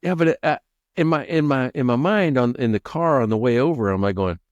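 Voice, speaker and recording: A man's voice: mid-range voice, animated, moderate pace, a little mellow, dry recording. A man co-hosting a podcast in casual chat, laughing often and stumbling over restarts as he tells stories. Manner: laughs often, stammers and restarts, acts out quoted people. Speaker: podcast co-host.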